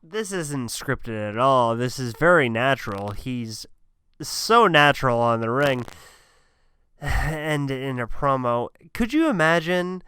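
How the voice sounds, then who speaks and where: A man speaking slowly and deliberately, with a smooth, clean voice, in a dry close-up recording. His commentary is sarcastic and mocking, full of deadpan asides. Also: mid-range voice, no echo. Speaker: commentator reacting to a clip.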